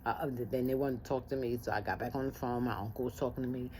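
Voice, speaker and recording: A woman telling a personal story in casual talk, lively and acting out the voices of family members. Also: very deep voice, rapid-fire, slight background noise.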